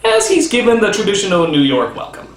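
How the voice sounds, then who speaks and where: A man's voice: high voice, wildly swooping pitch, fast, reverberant. Exasperated ranting male film reviewer. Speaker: host.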